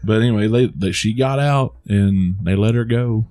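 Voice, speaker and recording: With a dark, low-leaning voice at a normal speed, a man co-hosting a podcast discusses a movie in a relaxed way. He keeps restarting his sentences and laughs at his own jokes as he rambles.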